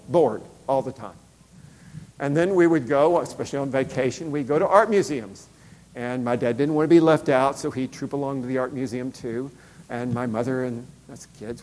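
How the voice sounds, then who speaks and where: His medium-pitched voice is a little mellow, echoing with a long hall reverb. The middle-aged speaker recounts a personal story in a relaxed, chatty way, full of fillers and short quotes he performs.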